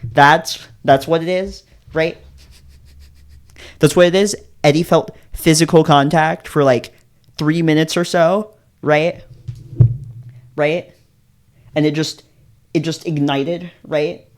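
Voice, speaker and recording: A man's voice: a little high, steady tone, slow pace, pauses often. A man casually commenting while reading a visual novel aloud, musing and laughing often, asking "right?" again and again.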